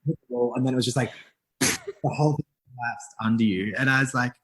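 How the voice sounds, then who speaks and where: A young man as a podcast guest, talking in a soft, reflective way with frequent restarts in a casual interview. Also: medium pitch, fast.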